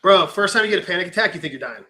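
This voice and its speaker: A young man in casual podcast chat, telling animated stories, acting out quotes and swearing freely. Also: high-pitched, rapid-fire. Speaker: podcast host.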